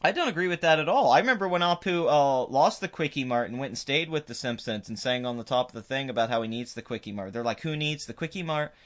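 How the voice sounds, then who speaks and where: A man's voice: mid-range voice, lively intonation, fast, few pauses, fairly bright tone. A man hosting his own commentary video, ranting emphatically and dismissively with frequent restarts. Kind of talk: opinionated commentary rant.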